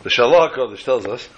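A man teaching a Torah class, telling a story and drawing slow, emphatic lessons from the text. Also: mid-range voice, dull audio, noisy background. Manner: storytelling, acting out dialogue with slow emphatic phrases.

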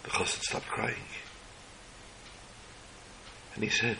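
A man telling an inspirational religious story slowly, in short measured phrases. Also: sits low, fairly even intonation, sharp tone, a little hiss or hum, rough recording.

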